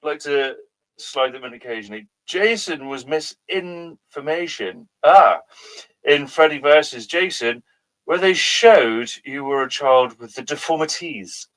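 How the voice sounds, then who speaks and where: A man's voice: a little high, lively intonation, unhurried, fairly bright tone. Hesitant man in comic banter. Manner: hesitant, full of ums, laughs easily. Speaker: comedy show co-host. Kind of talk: casual comedic banter.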